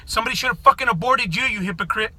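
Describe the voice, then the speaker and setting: A middle-aged man from the United States rants furiously to his viewers, swearing and often breaking into shouts. His voice sits unusually high and sounds sharp and bright. The recording is dry, with no room echo. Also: very fast. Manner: profane, shouting, confrontational. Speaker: vlogger. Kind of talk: angry political rant to camera.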